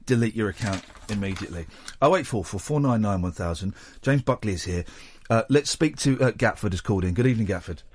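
A man's voice: lowish voice, lively intonation, fast talker, slight background noise. A man hosting a late-night radio chat show, chatty and jokey. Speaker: radio host.

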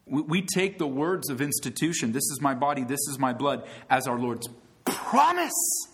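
A pastor preaches emphatically to his congregation, calling them friends, asking rhetorical questions, and rising in bursts on key words. His medium-pitched voice is sing-song and moves at normal speed.

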